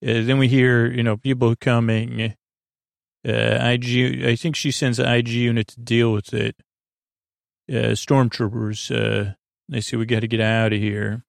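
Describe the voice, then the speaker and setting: Guy rambling thru a show recap, gravelly voice, pretty flat delivery. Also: medium pitch, measured pace, no echo, studio quality. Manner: rambling, filler-heavy retelling. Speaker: podcast host. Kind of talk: casual episode recap.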